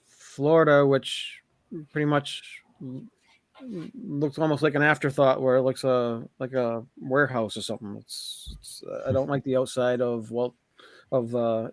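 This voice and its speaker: A man speaks as a guest in a relaxed online chat, rambling a little as he thinks aloud. His mid-pitched voice is recorded dry and close. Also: no echo. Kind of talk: casual video chat.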